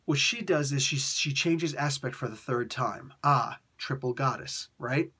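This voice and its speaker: A man hosting a comic book review, chatting in a casual, animated way with jokey asides. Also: mid-range voice, unhurried, breathy edge.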